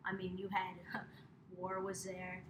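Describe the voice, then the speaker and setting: A woman's voice: fairly low pitch, monotone, slow pace. A woman hosting a casual podcast, laughing often and rambling with lots of fillers. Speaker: podcast host. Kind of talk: casual chat. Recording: roomy echo with clear background noise.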